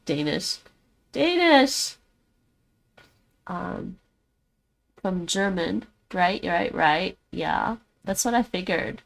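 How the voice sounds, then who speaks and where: A woman's voice: fairly low pitch, animated, extremely slow, creaky, long pauses. A woman whose first language is Dutch, chatting casually on a livestream as she practices words aloud and thinks through them. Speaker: streamer learning languages.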